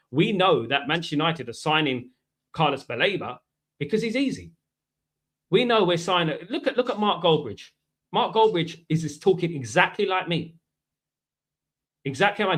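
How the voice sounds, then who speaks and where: This football channel host, a middle-aged man from England, speaks on the high side with a sharp edge. Running a live stream, he spars with his audience in a chatty, combative way, addressing chat directly and leaning on "mate" and "right" again and again.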